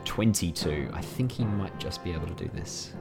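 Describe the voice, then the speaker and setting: Low-voiced man running a tabletop game. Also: normal speed, vocal fry, over music. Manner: relaxed, chatty, laughs often. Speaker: game master.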